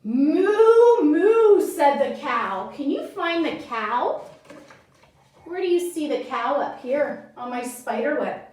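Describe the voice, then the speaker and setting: Very high-voiced, unhurried woman yoga teacher. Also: animated. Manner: gentle, encouraging, cueing breaths and moves. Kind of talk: guided children's yoga with storytelling. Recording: echoey room, distant mic.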